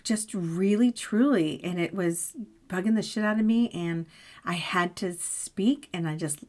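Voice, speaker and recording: A woman's voice: on the low side, unhurried, darkish tone. A woman in casual conversation, candid and laughing often, swearing freely as she talks through a personal story. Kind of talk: casual chat.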